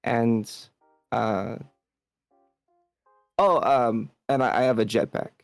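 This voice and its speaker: Man doing a cyborg boy, French accent, teenage smoker, slow hesitant delivery, dry close sound. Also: mid-range voice, creaky, no echo, faint music behind. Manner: halting, hesitant, many fillers. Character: 13-year-old cyborg boy, chain-smoking, French-accented. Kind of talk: improvised comedy role-play.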